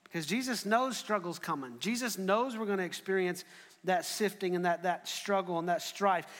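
A man preaching a sermon, telling the story in an animated way and often restarting his phrases. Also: high-pitched, moderate pace. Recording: echoey hall.

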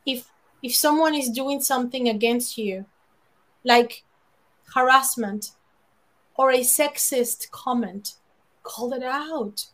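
A woman giving public speaking advice in an emphatic, animated way, often laughing and acting out quoted lines. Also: a little high, slow, long pauses. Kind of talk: lively conversational advice.

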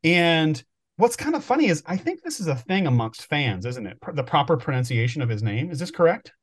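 A man's voice: a little high, very animated, a little fast. A man co-hosting a podcast, telling stories in a rambling, thinking-aloud way during casual chat. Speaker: podcast co-host.

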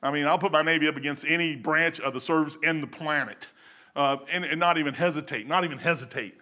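An older man preaches in a loose, folksy way, quick to get excited. His voice sits high and rings bright and forceful. He rambles through asides and then bursts out loud. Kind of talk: informal sermon.

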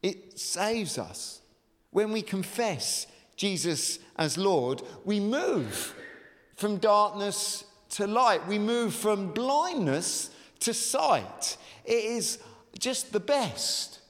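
Animated male pastor, slightly raised pitch, chatty sermon delivery, long hall echo. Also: extremely slow. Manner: chatty, animated, many fillers.

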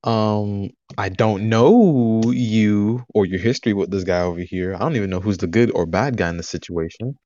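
A man as a player in a tabletop role-play, joking and halting in character. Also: on the low side, warm tone, no room sound, muffled recording. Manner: joking, halting, repeats words.

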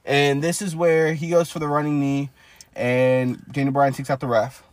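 A man's voice: medium pitch, level tone, moderate pace, no echo. A man co-hosting a casual wrestling podcast, recapping matches blow by blow with many fillers. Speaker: podcast co-host.

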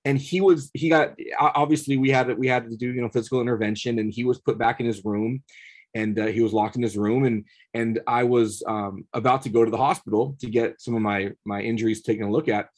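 A podcast guest tells a personal story in casual conversation, speaking earnestly, building to passionate peaks, and often repeating his words. His voice is medium-pitched, steady in tone, and brisk.

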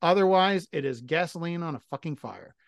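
A man's voice: a little high, expressive, brisk, vocal fry, no room sound, studio quality. A middle-aged man co-hosting a podcast, telling stories in a blunt, profane, self-mocking way. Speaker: podcast co-host. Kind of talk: casual chat.

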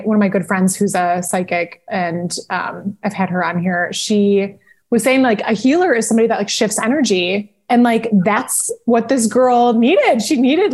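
A woman's voice: a little high, a little mellow. A woman hosting an interview show, asking questions in a reflective, conversational way and saying "like" often. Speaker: podcast host. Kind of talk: interview chat.

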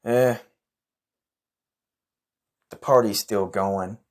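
A man with a low, deep voice runs an improvised comedy bit. He talks brash, slangy and profane. He argues with a partner who is never heard. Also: steady tone, very slow. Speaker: comedy podcast host in character.

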